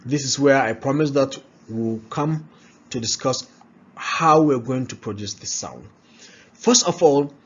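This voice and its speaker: Slow, husky man teaching pronunciation. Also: medium pitch. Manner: repeats words slowly, checks in with "all right?". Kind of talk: slow, drilled pronunciation lesson. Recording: dull lo-fi recording.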